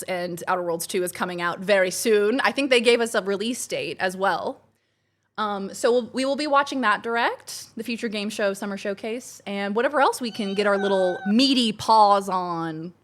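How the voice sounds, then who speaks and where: A woman's voice: medium pitch, a bit bright. A woman streamer chatting casually and bubbly with her live chat from home while planning her week. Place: home, kitchen.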